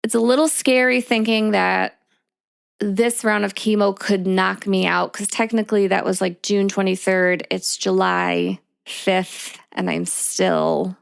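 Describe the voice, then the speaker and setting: A woman's voice: mid-range voice, steady tone, gravelly, smooth, no echo, clean studio sound. A woman co-hosting a podcast, speaking openly and emotionally in casual chat. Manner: open, emotional, quick bursts of speech. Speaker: podcast co-host.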